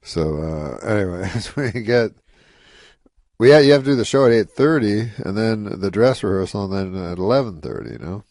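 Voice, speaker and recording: A man's voice: lowish voice, animated, moderate pace, creaky, darkish tone, no room sound. A man telling a rambling anecdote in an interview, dry and full of "you know.". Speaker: guest comedian.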